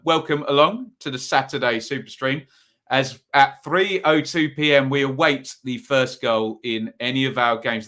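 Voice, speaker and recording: A man hosts a live football watchalong from home, chatting loosely to his viewers. His voice is bright and forward, and his talk wanders, full of ums and quick self-corrections. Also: medium pitch. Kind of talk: casual live-stream chat. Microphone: phone or desk mic at a home setup.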